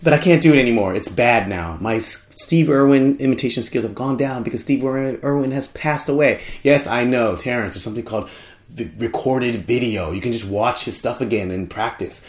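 A man's voice: medium pitch, a little fast. A man hosting a podcast in casual chat, joking and rambling, often trailing off while he hunts for words. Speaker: podcast host.

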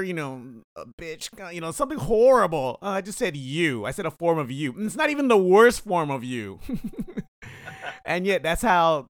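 A man who teaches Japanese explaining language and manners in a relaxed, thoughtful chat. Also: fairly high pitch, no echo, clean studio sound. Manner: explanatory, thoughtful, full of restarts. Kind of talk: casual chat.

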